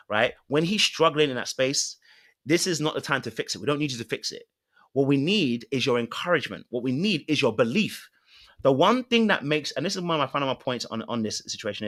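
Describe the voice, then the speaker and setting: A man talks through relationship advice as a coach. His delivery is emphatic and repetitive, circling back to make sure his listeners are with him, with a voice at an ordinary middle pitch for a man. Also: sharp tone. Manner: emphatic, repeats "you know what I'm saying to you". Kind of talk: coaching talk to a panel.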